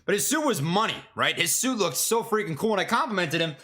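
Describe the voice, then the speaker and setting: A young man chatting casually on his stock trading livestream, excitable, jokey and full of slang. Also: high-pitched, fast.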